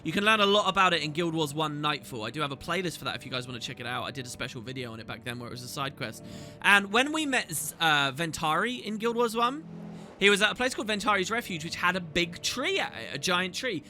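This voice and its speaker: Male gaming host, bright and fairly high voice, chatty, enthusiastic commentary, faint game music behind. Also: animated, fast. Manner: chatty, enthusiastic, reads dialogue aloud. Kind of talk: casual gameplay commentary.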